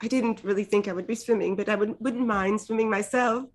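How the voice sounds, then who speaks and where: A woman's voice: mid-range voice, steady tone, fairly quick. A woman player in a tabletop game, speaking in character with casual, hesitant questions. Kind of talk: tabletop role-play in character.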